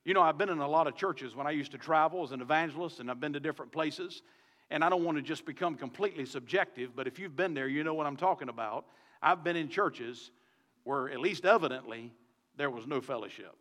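A man's voice: a little high, quick pace, a bit bright, big-room sound. A man with a Southern US accent, a pastor preaching a sermon on a microphone in his church, talking to the congregation in a conversational way with many rhetorical questions. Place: church sanctuary.

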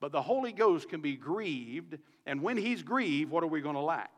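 A man's voice: fairly high pitch, expressive, moderate pace, long reverb tail. A man with a Southern US accent, a pastor preaching a sermon on a microphone in his church, talking to the congregation in a conversational way with many rhetorical questions. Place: church sanctuary.

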